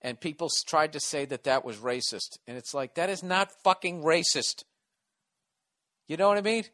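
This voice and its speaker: A man's voice: on the high side, normal speed, pushed and bright. A man with an East Coast American accent hosting a solo comedy podcast, ranting in a profane, sarcastic, rambling way. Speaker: podcast host.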